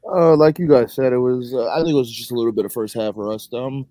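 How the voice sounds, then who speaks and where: A man's voice: mid-range voice, fairly even intonation, fast talker, warm tone, no echo. A young man co-hosting a sports podcast, laid-back and thinking aloud as he talks. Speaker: podcast co-host. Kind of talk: casual sports chat.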